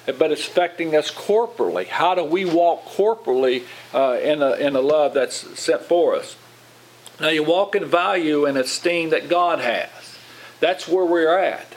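A man's voice: a little high, rough recording. A man preaching to his congregation in a loose, conversational teaching style, often asking them questions and repeating his words as he goes. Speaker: pastor.

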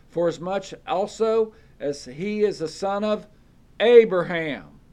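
A man preaching a Bible study sermon, reading verses aloud and checking in with his listeners with "okay?". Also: high-pitched.

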